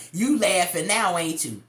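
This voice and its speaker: A woman doing a casual tarot reading for viewers, slangy and emphatic, calling the listener baby. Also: fairly low pitch. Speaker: tarot card reader. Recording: echoey room, faint noise.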